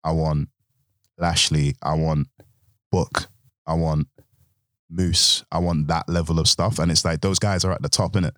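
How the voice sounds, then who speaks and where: A man's voice: extremely low pitch, little pitch movement, a little slow, long pauses, fairly bright tone, no room sound, studio quality. A man from Nigeria raised in the UK, talking animatedly and swearing in casual chat. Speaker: podcast guest, wrestler.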